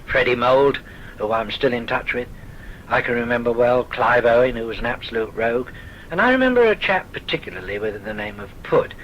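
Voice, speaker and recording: A man's voice: medium pitch, animated, a little fast, dull audio, slight background noise. An older man with a southern English accent, genteel and wry, telling his memories for a recorded oral history. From south of England. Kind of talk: recorded reminiscence.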